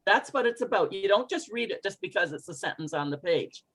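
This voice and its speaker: Female English coach for an online class call; expressive, encouraging, reads lines aloud for students to echo. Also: medium pitch, brisk. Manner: expressive, encouraging, models phrases for repetition. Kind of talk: online group pronunciation lesson.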